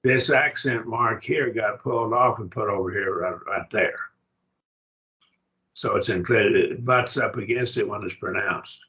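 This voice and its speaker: A man's voice: lowish voice, unhurried, pushed and bright, muffled recording. An older man teaching a Greek grammar lesson, patient, checking that his student follows. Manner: patient, explains step by step, checks understanding.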